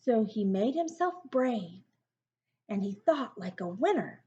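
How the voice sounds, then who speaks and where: A woman reading a rhyming picture book aloud, with a slow, sing-song delivery and chatty asides to her listener. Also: fairly high pitch, very animated, warm tone, dull audio. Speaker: storybook reader.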